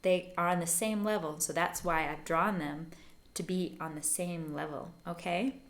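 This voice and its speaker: A woman's voice: on the low side, fairly even intonation, moderate pace. A woman teaching songwriting in a patient, encouraging lesson, singing short phrases to show a melody. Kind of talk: gentle step-by-step lesson for learners.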